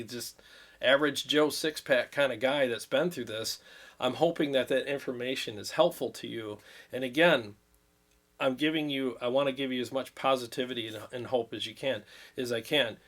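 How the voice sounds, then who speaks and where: A man in his fifties chatting on a livestream, earnest and rambling, at times emotional as he thanks viewers. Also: mid-range voice. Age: 50s. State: recovering from illness, drained. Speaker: livestream host. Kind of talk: casual livestream chat.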